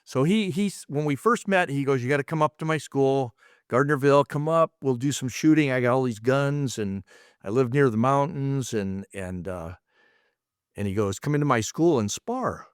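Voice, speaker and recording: A man's voice: mid-range voice, expressive, normal speed, clear, resonant tone, no room sound, clean studio sound. A middle-aged man, a martial arts instructor, casually rambling through anecdotes and acting out quoted dialogue. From United States. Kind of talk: casual storytelling.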